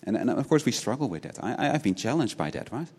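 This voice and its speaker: A man's voice: medium pitch, very animated, fast talker, darkish tone, breathy edge. A man preaching a sermon in an earnest way. He often repeats words as he restarts and tags his points with rhetorical questions. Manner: asks many rhetorical questions, tagging points with "right?". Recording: long hall reverb.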